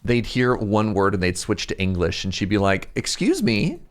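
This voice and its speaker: A man's voice: low-pitched, fairly even intonation, moderate pace, clean tone. A young man streaming a game, chatting casually and rambling, laughing at himself often. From Canada. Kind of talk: casual livestream chat while gaming.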